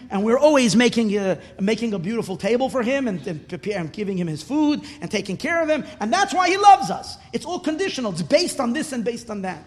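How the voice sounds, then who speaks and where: A man preaching a passionate sermon as a rabbi, swinging from hushed, soft passages to loud, emphatic bursts and repeating words for stress. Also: very high-pitched, husky. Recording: long reverb of a hall.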